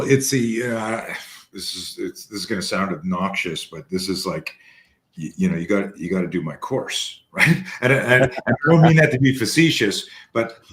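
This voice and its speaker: A man's voice: fairly low pitch, fairly bright tone. A man, a guest fear-management trainer, telling long anecdotes in casual talk with many restarts and fillers. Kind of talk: casual storytelling.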